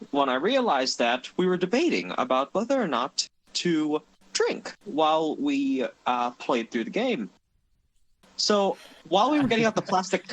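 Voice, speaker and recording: A man's voice: medium pitch, fairly bright tone, rough recording. A man in his twenties tells a long story on a casual podcast, stumbling and restarting, laughing as he goes. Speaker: mod developer and podcast host.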